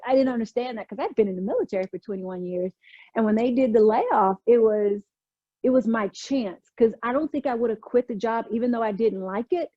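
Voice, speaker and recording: A woman's voice: mid-range voice, no room sound, lo-fi sound. A middle-aged woman telling her story in an interview, with an emphatic, testimonial way of talking. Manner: emphatic, testimonial, animated retelling. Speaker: guest.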